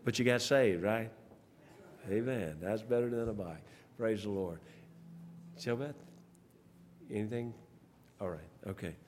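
A man, a pastor leading church service announcements in a rambling, folksy way, pausing often. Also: lowish voice. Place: church sanctuary. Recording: long church hall reverb, faint noise.

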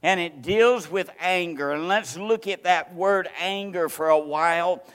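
A male pastor preaching a sermon, telling a story with acted-out quotes and swinging between loud declarations and hushed asides. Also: high voice, unhurried, clean tone, in a large hall. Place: church sanctuary.

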